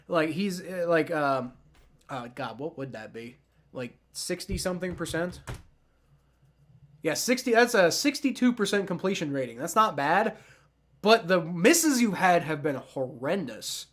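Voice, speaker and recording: A man hosting a live football reaction stream, rambling excitedly and talking straight to his chat. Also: high-pitched. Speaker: livestream sports reaction host. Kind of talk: live game reaction commentary.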